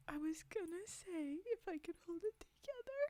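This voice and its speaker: A woman's voice: extremely high pitch, dry recording. A woman streamer chatting on a live stream, giggly and laughing so hard she cries, her talk slipping into breathless whispers. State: laughing to tears. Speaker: streamer reading stories. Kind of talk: casual live-stream chat.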